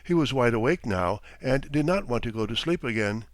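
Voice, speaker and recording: A man reading a classic short story aloud in an expressive, measured narration. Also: medium pitch, no echo. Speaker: audiobook reader. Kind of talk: audiobook narration.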